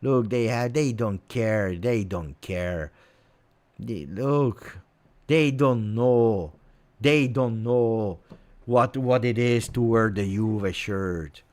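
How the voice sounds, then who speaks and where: A man's voice: lowish voice, extremely slow, a little mellow. A man hosting a live football watch-along, ranting in exasperation and repeating himself often. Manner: exasperated ranting with many repetitions. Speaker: football fan streamer.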